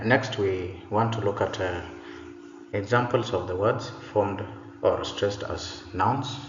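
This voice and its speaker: A man teaching English pronunciation at an unhurried pace, saying each example word twice. His voice sits a little low. The room sounds echoey and dull, with a faint hiss underneath. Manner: slow and deliberate, repeats each word twice. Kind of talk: pronunciation lesson.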